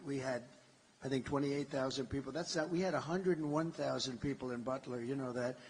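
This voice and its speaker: A man's voice: mid-range voice, brisk, slight background noise. An older man answering a voter's question at a campaign event, in an emphatic, boastful, rambling way that repeats itself. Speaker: political candidate at a town hall. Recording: live event with faint ambience.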